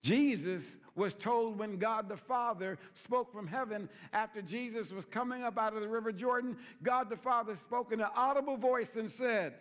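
A man's voice: high-pitched, normal speed, hardly any pauses, fairly bright tone, long reverb tail. A man preaching as a pastor, folksy and playful, asking the congregation call-and-response questions. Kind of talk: sermon.

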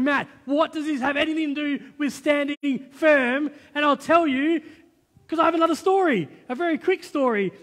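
A male pastor preaching a sermon, telling a personal story in a lively, conversational way with quoted dialogue. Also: extremely high pitch. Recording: long church hall reverb.

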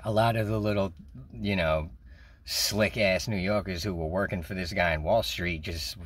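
Low-voiced New man telling a story. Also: normal speed. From New York. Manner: profane, rambling, laughs often. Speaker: vlogger. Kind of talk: casual storytelling.

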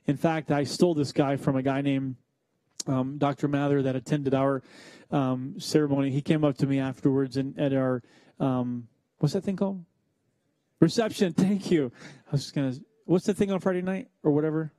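Young man, pastor, conversational sermon, slows for emphasis, warm tone, dry close sound. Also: mid-range voice, fairly even intonation, no room sound.

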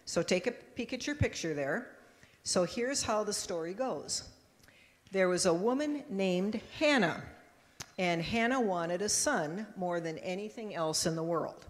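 A woman pastor giving a children's message in church, telling a story lively and acting out the voices, with a handheld microphone. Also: mid-range voice, unhurried. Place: church sanctuary. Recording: long church reverb.

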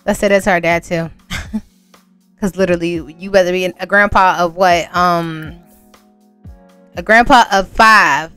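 A woman's voice: fairly low pitch, unhurried, long pauses, fairly bright tone, clear, resonant tone, faint music behind. Chatty woman commentating on her game. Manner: chatty, laughs often, addresses viewers as y'all. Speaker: gaming channel host. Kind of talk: casual let's-play commentary.

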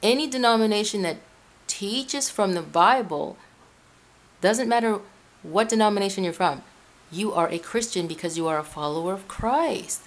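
A woman's voice: medium pitch, normal speed. Chatty woman vlogging about faith at home. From Ecuador. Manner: chatty, rambling, frequent self-corrections. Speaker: Christian video blogger. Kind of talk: casual religious vlog talk. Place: room at home by a window. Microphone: camera in front of her.

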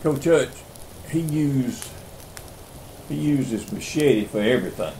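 A man's voice: mid-range voice, lively intonation, measured pace, mellow, a little hiss or hum, rough recording. Older South Carolina man in his 70s; rambling, folksy campfire storyteller. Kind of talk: casual storytelling.

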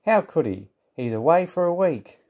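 A man voicing a cross male railway inspector, speaking loudly and sternly. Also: fairly high pitch, sing-song, normal speed, muffled recording, voice pushed up. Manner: cross and loud.

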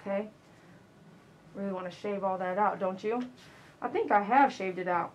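A woman's voice: medium pitch, normal speed. A woman, a dog groomer chatting casually to her live-stream viewers while she works in her grooming salon. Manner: chatty and animated, mimics callers loudly.

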